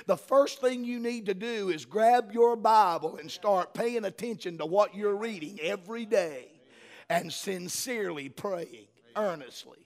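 A middle-aged man, preaching a sermon as a pastor and building to fervent shouting. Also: high voice.

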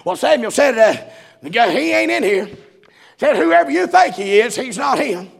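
A man preaches, his voice pitched very high and rough with gravel. He shouts through his lines in a rolling, rhythmic cadence. Between the big shouts he drops in folksy asides. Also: very animated, unhurried. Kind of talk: sermon.

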